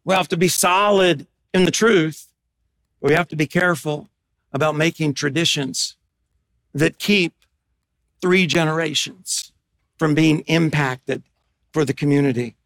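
A middle-aged man preaching a sermon as pastor, animated, swinging between loud emphatic bursts and hushed asides. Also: a little high, unhurried, creaky, pauses often.

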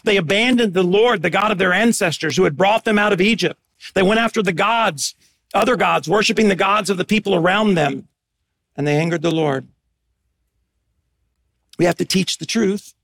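A middle-aged male pastor delivering a sermon in a notably high voice. He preaches with animation, swinging from loud emphatic bursts to hushed, low asides. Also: moderate pace, vocal fry, pauses often.

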